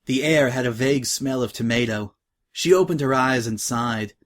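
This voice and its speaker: A man narrating a dramatic reading of a fan story in a calm, even way. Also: mid-range voice, moderate pace. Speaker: reader.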